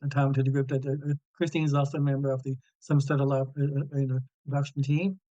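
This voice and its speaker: A man's voice: medium pitch, flat delivery, quick pace, dark tone, no room sound, lo-fi sound. A man, who stutters openly with many repeated sounds and fillers as a guest speaker in an online Q&A. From Newfoundland and Labrador, Canada. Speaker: guest speaker and radio show host. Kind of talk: conversational answer in an online Q&A.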